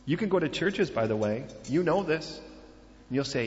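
A man's voice: medium pitch, animated, normal speed, in a large hall, dull audio, slight background noise. A man preaching a sermon in a conversational way, full of rhetorical questions and filler phrases. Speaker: pastor.

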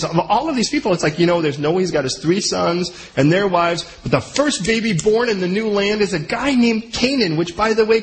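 Guy preaching, super lively swoopy voice, jokey asides, keeps restarting sentences. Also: very high voice, low-quality recording. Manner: animated, conversational, joking asides; restarts and trails off mid-sentence. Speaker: pastor. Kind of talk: sermon.

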